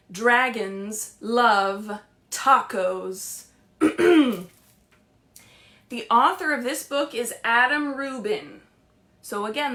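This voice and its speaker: A woman librarian reading picture books aloud to young children in a sing-song, animated storytelling voice, often asking them questions. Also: a little high. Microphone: streamed live.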